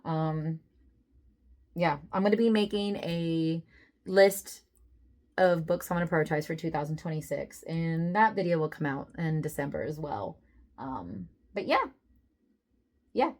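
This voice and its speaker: Chatty woman book vlogger, low-pitched. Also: unhurried, long pauses, darkish tone. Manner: chatty, self-deprecating, many fillers. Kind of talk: casual chat to camera.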